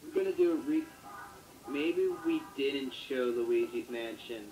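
A man's voice: mid-range voice, unhurried, a little hiss or hum. A man co-hosting a casual video-chat update, rambling and joking as he corrects himself. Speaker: co-host. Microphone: Wii U chat mic. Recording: echoey room with loud music.

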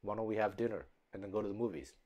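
A man putting on a stiff, robotic-sounding speaker asking someone on a date in flat, mechanical delivery. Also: on the low side, very fast, lo-fi sound, voice pushed down, close to an everyday voice.

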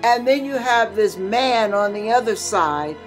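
Slow, earnest older woman preaching a warning. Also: fairly high pitch, expressive, soft background music. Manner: earnest, folksy and direct, with humorous asides. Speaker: ministry channel host and pastor. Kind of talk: sermon-style talk recounting a dream as a warning.

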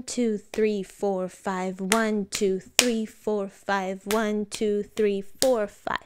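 A woman's voice: mid-range voice, a little mellow, smooth. A woman teaching a music theory lesson, patiently explaining time signatures and counting the beats aloud. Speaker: piano teacher.

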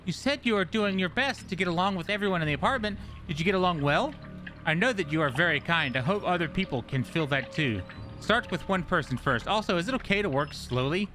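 A man voicing a caring mother who gently reassures her grown son, in a raised, soft reading voice. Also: high voice, lively intonation, brisk, soft background music. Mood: tender.

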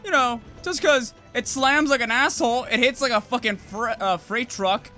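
High, lively gaming streamer man. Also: normal speed, hardly any pauses, faint music behind. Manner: swears and yells at the monster, sudden whoops. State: just woke up, groggy. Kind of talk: live gameplay commentary.

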